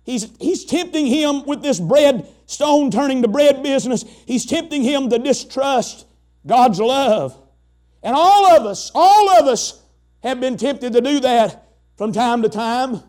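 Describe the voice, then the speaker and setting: A man's voice: very high voice, darkish tone. A man preaching a sermon in an emphatic, folksy way, asking the congregation rhetorical questions.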